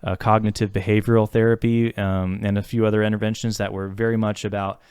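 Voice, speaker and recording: A man with a fairly low voice talks earnestly on a podcast, circling his thoughts with fillers and restarts. The sound is dry and close, with no room around it. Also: flat delivery, quick pace, a little mellow, clear, resonant tone, no room sound. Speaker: podcast co-host talking about therapy. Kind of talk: casual podcast conversation.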